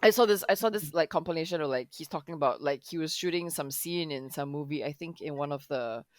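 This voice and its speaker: A woman's voice: sits low, quick pace, dry recording. A woman co-hosting a podcast, talking casually and rambling with many fillers. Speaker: podcast co-host. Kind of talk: casual chat.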